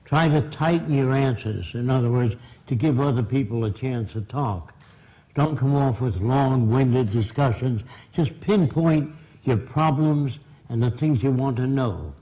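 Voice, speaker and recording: A man's voice: mid-range voice, unhurried, dark tone, rough recording. An older man from Brooklyn, giving a blunt, emphatic public lecture. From Brooklyn, New York.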